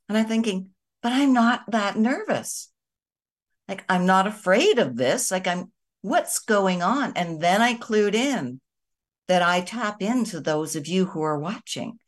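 A woman hosting a show, talking to her viewers in a gentle, conversational way. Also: deep voice. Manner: gentle, conversational, with soft emphatic asides. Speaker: host of a kindness and energy show. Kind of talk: reflective spoken talk to viewers.

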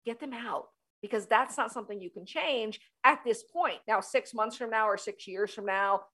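Female talk-show host, fairly high voice, emphatic and energetic, coaching tone. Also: moderate pace. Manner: energetic, emphatic, repeats key phrases. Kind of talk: solo talk show monologue.

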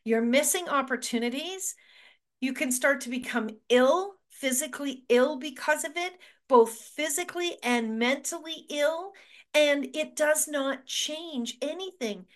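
A woman's voice: high voice, a little slow. A middle-aged woman hosting a motivational talk show, speaking earnestly and repeating words for emphasis. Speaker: show host.

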